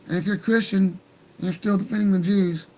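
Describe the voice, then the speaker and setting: Man, high-pitched voice, livestream rant, heated, profane, rambling. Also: steady tone, brisk, warm tone, poor audio. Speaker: livestream host.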